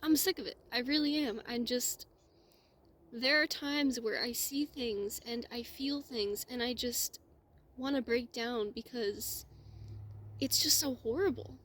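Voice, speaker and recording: Woman, slow, somewhat high voice, heartfelt monologue, near tears, slips into soft whispers. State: close to tears. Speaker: spiritual vlogger. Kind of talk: emotional personal monologue.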